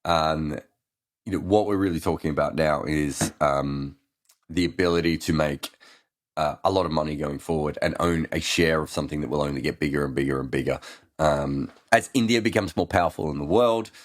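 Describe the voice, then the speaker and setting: Speaking briskly in a bass voice, a man runs a live cricket Q&A as the analyst host fielding listener questions. His casual answers wander, full of ums and restarts, captured in clean studio sound with no echo.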